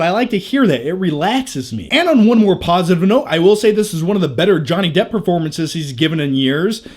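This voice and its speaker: Young male vlogger, high voice, candid and jokey, casual chat with crude asides. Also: a little mellow. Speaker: movie review vlogger.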